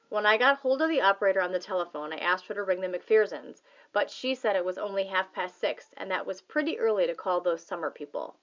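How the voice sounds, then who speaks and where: A woman's voice: mid-range voice, a little fast, few pauses. Woman reading a storybook aloud, dull audio. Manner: plain, steady storytelling. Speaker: audiobook reader. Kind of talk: scripted narration.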